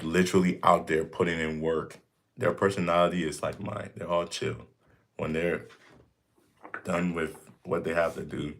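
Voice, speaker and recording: A young man hosting a casual livestream Q and A from home, talking in a laid-back, rambling, slangy way with lots of "like" and "you know". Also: low voice. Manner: slangy and blunt. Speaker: livestream host answering questions. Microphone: desk mic.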